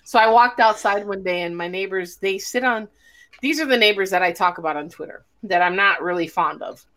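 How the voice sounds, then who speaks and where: Brash, bright-voiced woman cussing freely. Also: mid-range voice, fairly quick. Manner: blunt, profane, animated storytelling. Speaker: podcast host. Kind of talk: casual chat.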